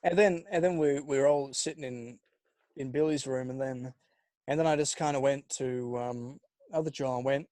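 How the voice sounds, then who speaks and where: A man's voice: medium pitch, fairly even intonation, moderate pace, mellow, no echo. A young man, co-hosting a podcast in casual chat, chiming in and swearing freely. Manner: chatty, swears, backs up his friend. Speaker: podcast co-host.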